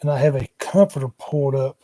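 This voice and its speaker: A man's voice: medium pitch, fairly quick, warm tone, no echo. A man, rambling casually on a livestream from his couch at home, talking into a laptop microphone in a drawling, wandering way with muttered asides.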